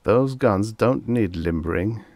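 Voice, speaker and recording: A man voicing a gruff bearded gunner. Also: lowish voice, a little slow, a little mellow, no room sound. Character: bearded male spaceship gunner, stolid and gruff.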